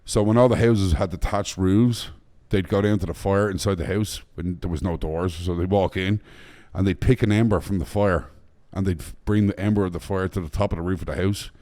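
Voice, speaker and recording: Irish man, very low voice, blunt, swears freely, casual podcast chat. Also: fairly even intonation, brisk, few pauses, mellow. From Ireland. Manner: blunt, profane storyteller. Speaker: guest chef.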